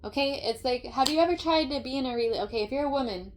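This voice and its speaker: A woman's voice: high voice, fast, a little hiss or hum. A woman giving a casual tarot reading, rambling and emphatic, full of fillers and swearing. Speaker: tarot reader.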